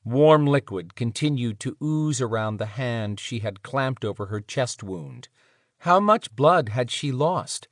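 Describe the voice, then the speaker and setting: A man narrating an audiobook in an expressive, dramatic reading style. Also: medium pitch, a little slow, dry recording, clean studio sound. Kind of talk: scripted narration.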